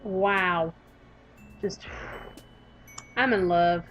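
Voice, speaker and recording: A young woman with a Southern US accent reads a visual novel aloud and comments on it, gushing and animated. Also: on the low side, very slow, dull audio, faint music behind. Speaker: gaming YouTuber.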